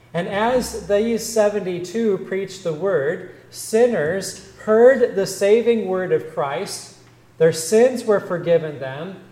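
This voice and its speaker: A male Lutheran pastor preaching a sermon, explaining scripture in a measured, deliberate teaching manner. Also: on the high side, darkish tone, echoey room, poor audio.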